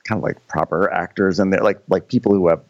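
Podcast co-host, male, low voice, rambling and halting, dull lo-fi sound. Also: fairly even intonation. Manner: rambling, halting with many likes and restarts. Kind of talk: casual comedic recap chat.

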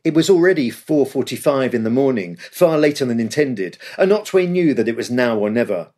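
Lively man narrating a war history. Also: medium pitch, a little fast. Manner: dramatic storytelling delivery. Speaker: podcast host.

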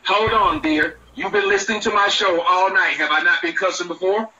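A man's voice: high-pitched, steady tone, fairly quick, bright, forceful tone, muffled recording, slight background noise. A man arguing heatedly with a caller, defensive and agitated, talking over the other person. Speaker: internet show host being called out.

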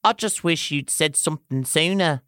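A man doing Tamlin, high and pleading. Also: normal speed, bright, forceful tone, clean tone, no room sound, studio quality. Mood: pleased. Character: eager, pleading young male fae lord. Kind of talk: comedic dramatic reading.

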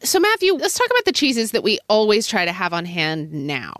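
A woman's voice: medium pitch, huge pitch swings, fairly quick, fairly bright tone, dry recording. A woman co-hosting a casual food chat, chatty and opinionated, with a dry close sound. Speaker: podcast co-host.

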